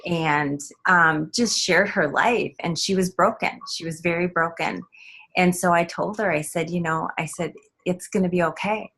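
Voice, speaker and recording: Halting, low-voiced woman storyteller. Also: steady tone, a bit bright, slightly rough. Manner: halting, with many ums and restarts. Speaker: guest author. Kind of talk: telling a personal story in an interview.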